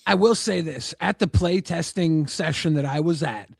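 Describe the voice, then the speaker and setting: Gravelly-voiced podcast co-host. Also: male voice, a little high, dry recording, studio quality. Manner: relaxed, halting with repeated restarts. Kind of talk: casual podcast chat.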